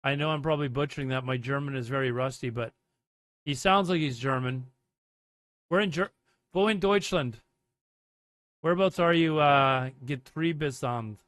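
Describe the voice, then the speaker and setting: A man's voice: medium pitch, normal speed, long pauses, a bit bright, no echo. Rambling male streamer, dry close sound. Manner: rambling, reads chat aloud and answers it. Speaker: livestream host. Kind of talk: casual live commentary.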